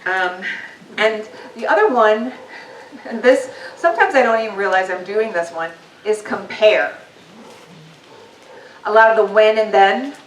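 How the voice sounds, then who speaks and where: A woman gives a candid motivational talk to a live audience, chatting loosely with plenty of ums. Her mid-pitched voice is heard from some distance off the mic. It carries round an echoing hall, with a faint hum of room noise underneath. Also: expressive, unhurried, pauses often. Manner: candid, conversational, frequent fillers. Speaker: guest speaker.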